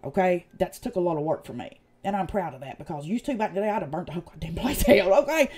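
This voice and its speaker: A woman with an East Tennessee Southern accent talks straight to her livestream chat in a blunt, profane rant. Her pitch swings widely up and down as she vents and jabs. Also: animated, fast, darkish tone, breathy edge. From United States. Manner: blunt, profane, heated ranting. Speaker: channel host. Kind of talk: casual livestream commentary.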